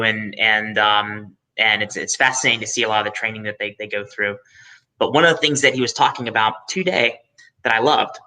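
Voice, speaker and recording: A man's voice: fairly low pitch, bright, forceful tone, rough recording. A man on a video call telling a story to make a point, hesitant, with many ums and restarts. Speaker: panelist. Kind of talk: casual chat.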